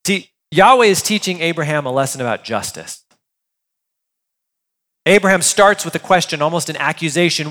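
Pastor in a reverberant hall. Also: male voice, fairly high pitch, moderate pace. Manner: conversational, animated, with filler words and restarts. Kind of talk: sermon.

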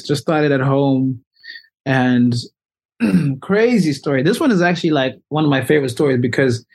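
Young male guest, casual storyteller, loose and lively, average pitch. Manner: animated, loose, heavy use of "like". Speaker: musician guest.

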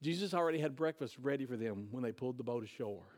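A man's voice: mid-range voice, animated, fast talker, a little mellow. A man preaching a sermon, retelling a scripture story in casual, conversational words. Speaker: pastor.

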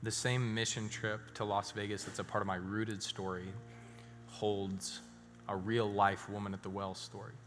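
Forceful male preacher in a reverberant hall. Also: fairly low pitch, little pitch movement, normal speed. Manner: storytelling with sudden drops to hushed emphasis. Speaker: pastor. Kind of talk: sermon. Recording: reverberant hall with faint music.

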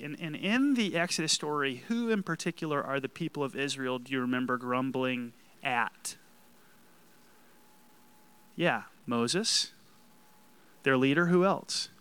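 A man's voice: fairly high pitch, bright, forceful tone, clean tone. A male pastor preaching a sermon in a conversational way, checking in with the congregation. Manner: conversational, asks the congregation questions.

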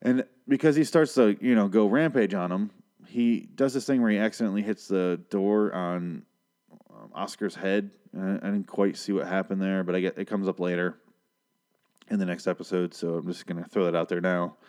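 Here the host has a deep, clear, resonant voice with a darkish color, holding a steady tone at normal speed. He rambles through a profane, casual recap of a TV episode on his podcast, interrupting himself as he goes.

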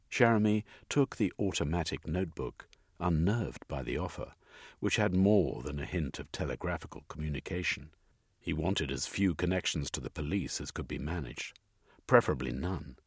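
A deep-voiced man narrates a story with a husky tone and lively, expressive intonation. The recording is dry, with faint music underneath. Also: normal speed, no echo. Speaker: audiobook narrator. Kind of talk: scripted narration.

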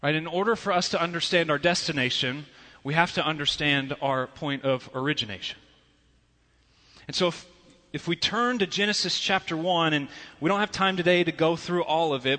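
A man preaching a sermon as pastor, conversational with rhetorical asides, swinging from loud and animated to hushed. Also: a little high, moderate pace. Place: church sanctuary. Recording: long reverb of a large hall.

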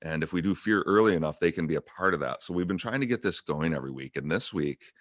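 A man hosting a casual gaming podcast, an animated storyteller with many fillers. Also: low voice, fast talker, no room sound, studio quality. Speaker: podcast host.

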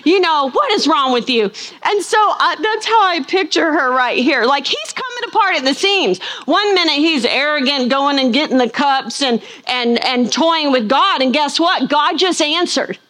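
A woman's voice: high voice, moderate pace, hardly any pauses. A middle-aged woman teaching a Bible lesson, telling stories and acting out the people she quotes. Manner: animated storytelling, acts out quoted voices. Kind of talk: sermon.

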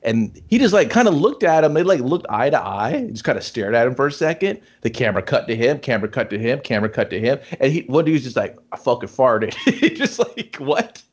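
A man co-hosting a casual movie podcast, animated and profane, acting out scenes as he talks. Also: medium pitch, a little fast, few pauses, lo-fi sound. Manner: animated, swearing, acts out scenes. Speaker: podcast co-host. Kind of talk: casual chat.

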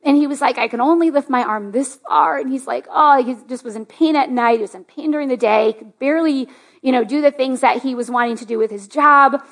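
A woman pastor speaks to her church in a chatty sermon. Her voice sits high, and she fills her story with "like". She often lifts into eager excitement. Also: fast. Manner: chatty, lots of "like", rising to excited. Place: church sanctuary.

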